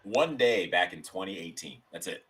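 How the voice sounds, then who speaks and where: A man's voice: low-pitched, expressive, normal speed, fairly bright tone, husky. A man guest on a podcast chatting casually, telling stories in a rambling way with frequent restarts. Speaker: guest, sketch comedian. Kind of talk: casual interview chat.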